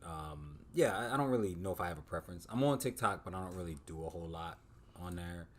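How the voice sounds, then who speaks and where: A man who is a guest on a casual podcast, speaking in a relaxed way with many ums and uhs. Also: sits low, fast, a little hiss or hum. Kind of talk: casual chat.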